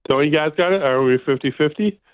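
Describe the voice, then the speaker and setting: A man's voice: a little high, quick pace, no echo. A man from Canada calling into a stream, easygoing and agreeable, sounding casual on the phone. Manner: easygoing, agreeable, laughs easily. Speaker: caller. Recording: tinny phone line.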